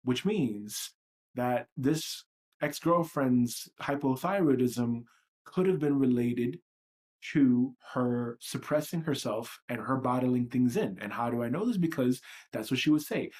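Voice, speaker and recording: A man's voice: medium pitch, animated, moderate pace, darkish tone. A man hosting a livestream, talking in a blunt, profane and self-reflective way. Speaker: livestream host. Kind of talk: candid livestream monologue.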